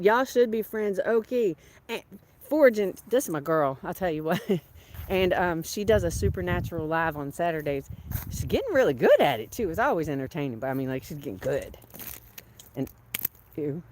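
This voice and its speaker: A woman chatting casually to her live viewers while doing chores outdoors on a small farm. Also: mid-range voice. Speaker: farm vlogger. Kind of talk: casual live-stream chat.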